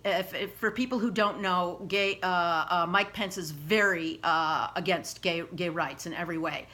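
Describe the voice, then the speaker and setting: A woman with a bright, forceful tone reads her own letter aloud to her viewers. She speaks with passion and emphasis, breaking off for asides and filler words. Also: lowish voice, a little slow. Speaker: animal rights activist vlogger.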